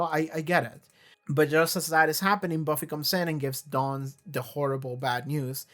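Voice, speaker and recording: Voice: medium pitch, a bit bright. A video reviewer in a casual monologue, talking with emotional enthusiasm, swearing and often restarting sentences. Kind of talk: casual monologue about a TV show.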